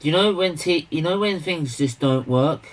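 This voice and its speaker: A man hosting a casual charity livestream, rambling and repeating himself, with bursts of excited emphasis. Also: on the high side, moderate pace, poor audio.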